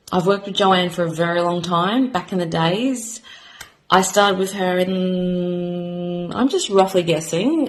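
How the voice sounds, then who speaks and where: A woman in her thirties with an Australian accent, giving a rambling, heartfelt self-introduction as a new beauty vlogger, halting and full of fillers, close to tears. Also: fairly low pitch, rough recording.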